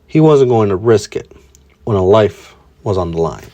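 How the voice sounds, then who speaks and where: A man narrating a fan-fiction story in a plain, steady reading voice. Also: lowish voice, normal speed, muffled recording.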